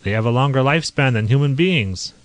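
Sorensen, a man doing a blunt, brisk inventor. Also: medium pitch, animated, dry recording, lightly acted. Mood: confident. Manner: brisk, confident, lecturing. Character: blunt middle-aged male inventor, sure of himself.

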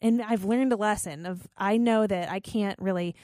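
A woman's voice: medium pitch, normal speed, warm tone, dry recording, studio quality. A woman in her forties who works as a radio host, answering an interview question in a candid, rambling, self-deprecating way.

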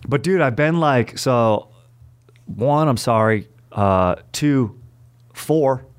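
A man's voice: medium pitch, lively intonation, slow pace, clean tone. A young adult man hosting a casual chat, telling stories in laid-back bro slang. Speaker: podcast host.

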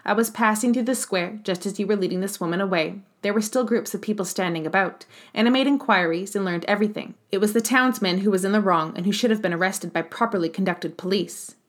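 A woman voicing a male town mayor who speaks calmly and gently but with quiet authority. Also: mid-range voice, moderate pace, few pauses, close to an everyday voice. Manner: calm and conciliating, gently severe.

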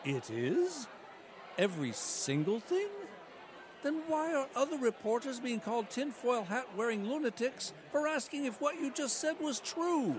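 A man's voice: very high voice, big pitch swings, a little slow, a crowd in the background, background noise, exaggerated voice. A man voicing a pompous male cat news anchor in a mock-formal broadcast delivery.

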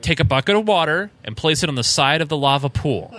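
Male podcast co-host, bright tone, loose chatty delivery reading fan mail. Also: on the high side, lively intonation, quick pace. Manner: reads emails aloud with fillers and chuckles. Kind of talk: casual podcast chat.

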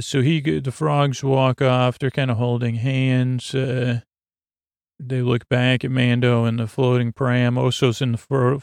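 A man casually recapping a TV episode on his own, rambling and halting with many fillers and restarts. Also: medium pitch, gravelly, no echo, clean studio sound. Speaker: podcast host recapping a TV episode.

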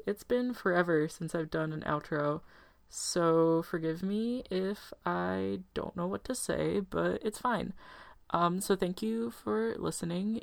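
A woman's voice: lowish voice, creaky, no room sound. A woman hosting a podcast, chatting casually and rambling with giggles. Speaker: podcast host. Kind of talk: casual chat.

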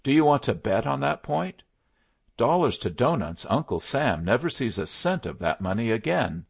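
A man reading an audiobook, voicing a wry adult male frontier officer in a gravelly voice. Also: medium pitch, big pitch swings, moderate pace, lo-fi sound, pitched above the performer's own voice, heavily acted. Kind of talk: audiobook character voice.

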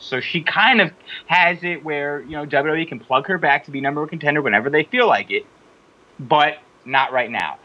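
A man hosting a casual podcast, voicing strong opinions in a rambling, animated flow. His voice is fairly high and very bright. The sound is a bit dull and lo-fi. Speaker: podcast host.

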